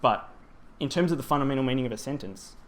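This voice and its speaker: At a language teaching symposium, a man explains grammar in a conference talk, often saying "um" and correcting himself. His mid-range voice is animated and fast, with slight background noise.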